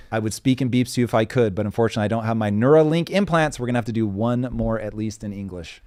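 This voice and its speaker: A man's voice: on the low side, racing, few pauses, a little mellow, dry recording, clean studio sound. A man hosting a live stream, reading headlines and chatting with energy, swearing and restarting his sentences. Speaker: host. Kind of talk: live-stream news chat.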